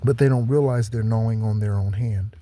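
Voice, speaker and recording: Speaking solo to his audience, this spiritual channel host has a fairly low, mellow voice over slight background noise. He preaches, repeats himself, and drops in slow asides he leans on for emphasis.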